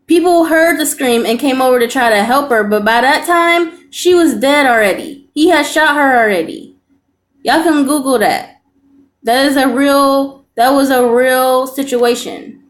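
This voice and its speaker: Woman, young adult, reaction host, high voice, earnest, repeats for emphasis. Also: measured pace. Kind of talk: casual commentary.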